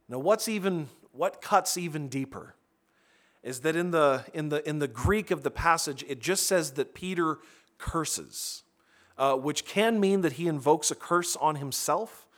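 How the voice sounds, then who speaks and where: A pastor preaching a sermon in a conversational way, often restarting phrases and adding asides to the congregation. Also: male voice, fairly high pitch, a bit bright.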